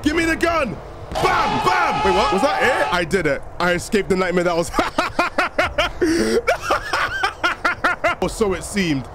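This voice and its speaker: A young man playing a horror game and commenting on it, excitable and jokey, reacting quickly and shouting when things get tense. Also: extremely high pitch, heavy background noise. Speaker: gaming YouTuber. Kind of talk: let's play commentary.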